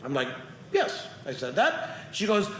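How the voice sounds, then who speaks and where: A middle-aged man doing a stand-up comedy set on a theater stage, telling animated stories and acting out other people's lines. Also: high voice, measured pace, slight background noise. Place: theater stage before a live audience. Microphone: stage microphone. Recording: roomy stage sound with audience laughter.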